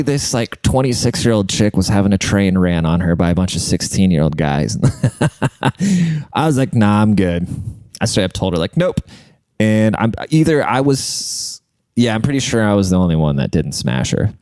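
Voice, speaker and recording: A man's voice: deep voice, animated, moderate pace, darkish tone, no echo, studio quality. A man hosting his own podcast, telling crude comedic stories in a rambling, casual way full of "like" fillers. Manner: rambling and crude, heavy use of "like".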